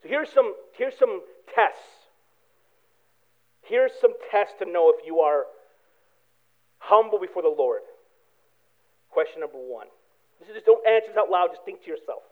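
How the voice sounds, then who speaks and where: A man preaching a sermon, telling a personal story with animated swings from hushed prayer to loud excitement. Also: high voice, normal speed, pauses often. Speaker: pastor. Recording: tinny phone-like sound.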